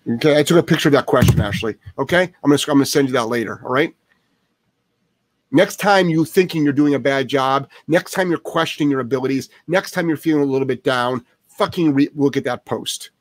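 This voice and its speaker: A man's voice: medium pitch, brisk, dry recording. A man hosting a live Q&A as a dog trainer, talking bluntly and emphatically, swearing freely and repeating phrases for effect. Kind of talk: casual live-stream Q&A.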